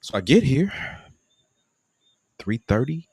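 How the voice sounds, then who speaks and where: Animated gravelly man telling a travel story. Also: takes it slowly, no room sound. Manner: animated, acts out quoted people in a higher voice. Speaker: vlogger live-streaming his trip. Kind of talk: casual storytelling.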